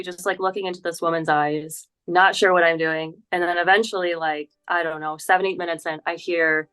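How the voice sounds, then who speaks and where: A woman from Upstate New York, a spiritual healer, telling her story as a podcast guest in an animated way with quick laughs. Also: fairly low pitch, smooth, soft background music, rough recording. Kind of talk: casual interview chat.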